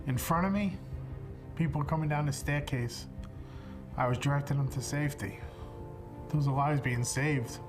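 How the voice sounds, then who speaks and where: Reflective firefighter in an interview. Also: male voice, mid-range voice. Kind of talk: documentary interview recollection. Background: music.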